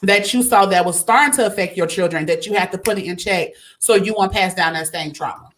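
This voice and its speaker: A woman's voice: on the low side, a little fast, a bit bright, a little hiss or hum. A woman hosting a casual talk. She laughs often and leads the conversation, handing it on to her guest. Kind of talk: casual chat.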